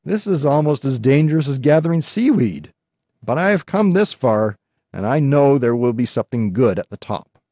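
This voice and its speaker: A man voicing a brave, determined little village girl in a high, earnest voice. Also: big pitch swings, moderate pace, a little mellow, no echo, studio quality.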